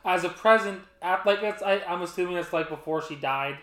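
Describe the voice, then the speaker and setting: High-voiced man in casual movie chat. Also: fairly quick, echoey room. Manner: animated, retells scenes with acted quotes. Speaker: podcast co-host.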